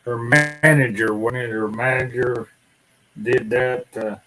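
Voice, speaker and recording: Folksy male host, unhurried, chatty, light and joking. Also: mid-range voice, steady tone, loud music behind the voice, rough recording. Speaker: livestream host. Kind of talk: casual chat.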